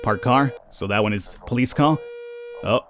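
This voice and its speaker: A young man casually commentating a game, chatty and quick to laugh. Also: medium pitch, noisy background. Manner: chatty, laughs at callers, talks to units. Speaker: let's play host.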